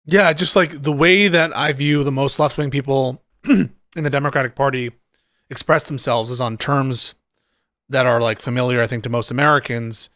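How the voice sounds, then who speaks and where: A man's voice: mid-range voice, fairly even intonation, moderate pace, fairly bright tone, no echo, clean studio sound. A man hosting a livestream debate, hesitant and questioning, with occasional casual swearing. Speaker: streamer host.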